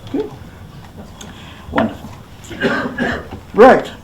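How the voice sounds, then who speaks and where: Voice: extremely slow, reverberant, slight background noise, low-quality recording. Playful performer coaching a live audience. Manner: playful, coaxing, gives step-by-step instructions. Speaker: rakugo performer.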